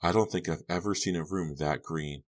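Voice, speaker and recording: A man voicing a coy, mysterious teenage girl, very deep. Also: normal speed, close to an everyday voice. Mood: teasing. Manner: low, purring and teasing.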